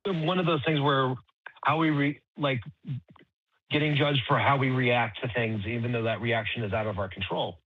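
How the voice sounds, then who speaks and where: Man co-host with a calm, supportive delivery; lo-fi, dry mic. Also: medium pitch, normal speed, no room sound. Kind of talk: casual discussion.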